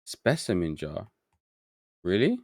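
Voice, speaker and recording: A man streams a game live, his low voice recorded dry and close. He mutters through his confusion, reads bits aloud and talks casually with his viewers. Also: wildly swooping pitch, takes it slowly, darkish tone, no room sound. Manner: muttering to himself, easily confused, chatty with chat. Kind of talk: live gameplay commentary.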